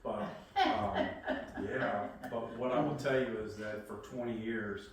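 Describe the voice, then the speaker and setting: A man's voice: mid-range voice, very animated, unhurried, vocal fry, slight background noise. Man, groom, casual rambling vows, lots of ums, echoey hall, far-off mic. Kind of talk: wedding vows. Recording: echoey room, distant mic.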